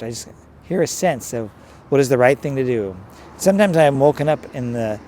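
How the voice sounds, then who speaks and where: Priest, mid-pitched, conversational and rambling, reflection recorded outside with faint traffic. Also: male voice, a little mellow. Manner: conversational, rambling, direct address to listeners. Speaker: priest, pastor. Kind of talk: reflective sermon-style talk.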